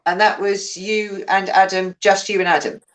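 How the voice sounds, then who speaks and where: A woman hosting a casual interview, chatty and quick to laugh, often cutting in. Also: medium pitch, little pitch movement. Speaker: host.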